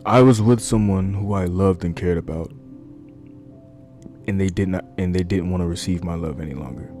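A man's voice: sits low, normal speed, mellow, soft background music. A man preaching an informal sermon into a microphone, earnest and conversational, repeating key lines and using fillers. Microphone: desk microphone.

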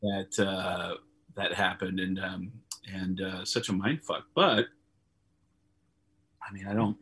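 A man's voice: sits low, steady tone, slow pace, bright, forceful tone, husky. A man, a comedian guest on a video call, telling rambling anecdotes and acting out the voices of people he quotes. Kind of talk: casual storytelling.

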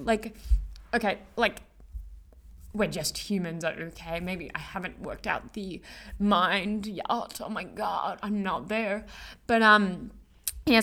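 With a mid-range, slightly bright voice, a young woman runs her own casual podcast. Her motivational monologue is chatty, loaded with slang and fillers, and peppered with swearing.

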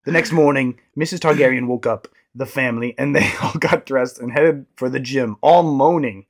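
Laughing young man reading a silly story. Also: moderate pace. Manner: reads with laughing breaks, shrill voice for the mother. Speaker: guest reading a fill-in story. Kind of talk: casual reading aloud among friends.

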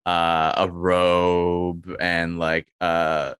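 Low-voiced man riffing in casual chat. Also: completely flat delivery, drawn-out words, fairly bright tone, clean tone, dry recording, studio quality. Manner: pitching comedy bits, acts out characters.

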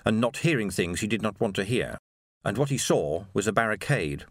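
A man narrating an audiobook in an expressive, animated storytelling manner. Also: on the low side, no room sound, clean studio sound. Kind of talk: scripted narration.

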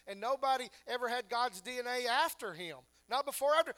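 A man's voice: very high voice, lively intonation, brisk, few pauses, pushed and bright. A pastor preaching a sermon to his congregation, asking emphatic rhetorical questions.

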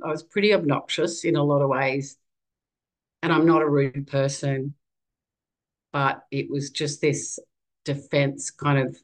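An Australian woman in her fifties, a podcast guest telling her own story in a candid, animated conversational way. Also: deep voice, poor audio. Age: 50s.

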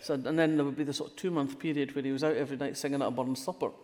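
An older Scottish woman from Fife, a crime writer appearing as an interview guest, has a rumbling low, darkish voice with fairly even intonation and racing speed. She tells wry anecdotes conversationally, often restarting sentences, amid slight background noise and a long, reverberant hall sound.

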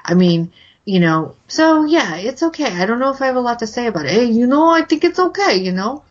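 A woman's voice: a little high, big pitch swings, fairly quick, dull audio. A woman co-hosting a podcast in casual chat about TV movies, talking loosely with many fillers. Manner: chatty, with many "like" fillers and laughs. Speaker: podcast co-host.

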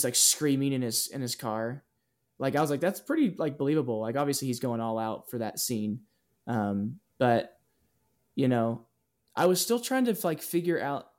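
A man co-hosting a podcast, rambling with restarts and filler words in casual chat. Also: medium pitch. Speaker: podcast co-host.

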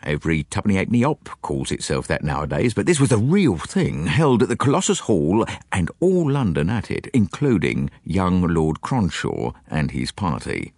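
A condescending, persuasive police inspector, as a reader puts him on, low-voiced and brisk. His telling is matter-of-fact but rises and falls widely. The sound is close and dry. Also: sing-song, a little mellow, dry recording, exaggerated voice. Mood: recounting. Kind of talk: audiobook character voice.

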